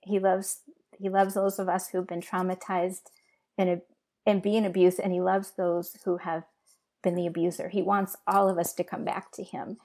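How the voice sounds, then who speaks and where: A middle-aged woman sharing an emotional personal testimony in an earnest, halting way with many pauses and fillers. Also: on the low side, flat delivery, warm tone. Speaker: guest sharing her testimony.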